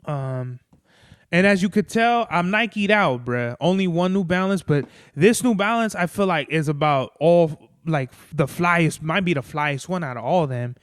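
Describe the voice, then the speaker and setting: Podcast host, male, loose rambling monologue, slightly high and crisp, dry close sound. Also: animated, unhurried, dry recording. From Mexican-American family. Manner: rambling, profane, lots of "like" and "bro". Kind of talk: casual solo monologue.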